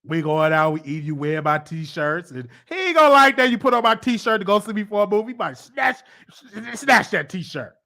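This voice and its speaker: A man hosting a casual livestream chat, teasing his viewers in an animated, repetitive, slangy way. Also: sits high, moderate pace. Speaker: host.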